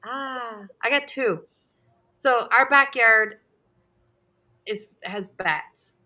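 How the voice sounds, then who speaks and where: A middle-aged woman hosting a live Q&A, telling a story in a casual, animated way and acting out her own shouts. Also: fairly high pitch, very slow. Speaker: host.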